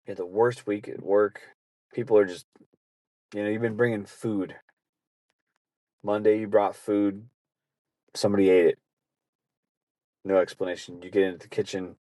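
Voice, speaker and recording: A deep-voiced man hosts his podcast alone, drifting through a rambling, casual story. He breaks into quick acted asides as he goes. The recording is close and dry, with no room sound. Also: steady tone, warm tone, no echo. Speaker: podcast host. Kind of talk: casual monologue.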